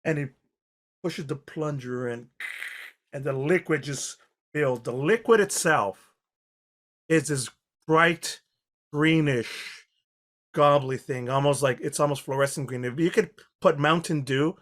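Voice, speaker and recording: A man narrating a tabletop game as game master, describing scenes in halting, rambling bursts full of fillers. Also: fairly high pitch, a bit bright.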